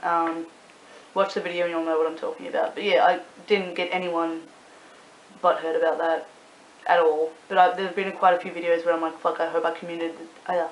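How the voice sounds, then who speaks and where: A young woman with an Australian accent, rambling casually to camera in a vlog, swearing freely and filling pauses with ums and likes. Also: on the low side, level tone. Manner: chatty, swears freely, rambling with many fillers. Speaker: YouTuber and club promoter. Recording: echoey room with faint hiss.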